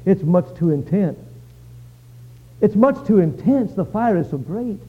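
A man voicing a calm male fireman who speaks in a low, measured, reassuring way in a sermon story. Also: slightly rough, exaggerated voice. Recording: dull lo-fi recording.

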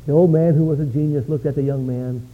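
A male pastor preaching a sermon, telling stories with lively swings from quiet to shouting. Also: a little high, fast, a little hiss or hum. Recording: dull lo-fi sound.

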